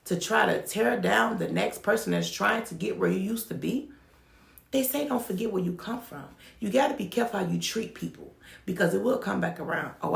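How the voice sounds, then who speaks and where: A woman's voice: mid-range voice, creaky, echoey room. A woman who runs a home child care business, talking frankly to the camera and telling her stories with emphasis. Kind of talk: candid talk-to-camera advice.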